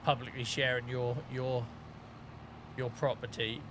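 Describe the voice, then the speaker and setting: A man's voice: medium pitch, flat delivery, measured pace, noisy background. Jokey man streaming a game. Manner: jokey, rambling, laughs often. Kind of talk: casual gameplay commentary.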